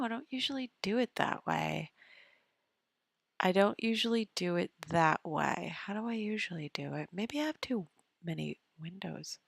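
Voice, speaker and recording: A woman's voice: medium pitch, big pitch swings, slow pace, creaky, a bit bright, slightly rough, dry recording. A woman hosting an astrology live stream, chatting casually and muttering half-whispered asides to herself while she fixes her screen sharing. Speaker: astrology show host.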